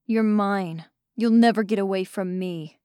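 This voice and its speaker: A woman's voice: mid-range voice, unhurried, dark tone, clear, resonant tone, no room sound, clean studio sound, lightly acted. A woman voicing a cruel, possessive man who threatens in a menacing tone.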